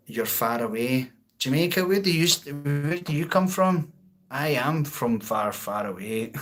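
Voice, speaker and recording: A man's voice: medium pitch, fairly bright tone. A Scottish man hosting a casual livestream, rambling and chuckling as he answers viewer comments. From Scotland. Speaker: livestream host.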